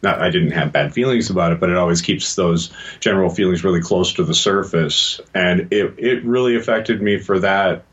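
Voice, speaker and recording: A man's voice: sits low, moderate pace, few pauses, lo-fi sound. A man co-hosting a podcast, talking casually and thoughtfully, searching for words. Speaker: podcast co-host.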